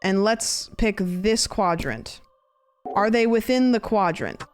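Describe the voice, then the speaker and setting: A woman streamer giving live gameplay commentary, chatty and thinking aloud with quick reactions. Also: mid-range voice, animated, slight background noise. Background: game music.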